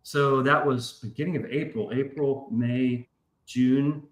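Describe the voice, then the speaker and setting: A man's voice: mid-range voice, fairly even intonation, a little slow, rough recording. A man in his forties hosting a casual show, rambling and swearing through a story. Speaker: podcast host. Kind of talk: casual chat.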